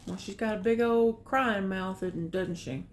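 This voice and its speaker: An older woman reading a picture book aloud, adding gentle, chatty comments about the pictures. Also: mid-range voice, unhurried, a little hiss or hum. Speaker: storyteller.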